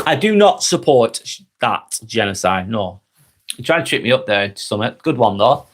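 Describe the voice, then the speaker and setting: A man's voice: medium pitch, big pitch swings, normal speed. A man from England with a Lancashire accent, hosting a casual live stream and answering viewer comments, chuckling often and calling people mate. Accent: Lancashire, North West England.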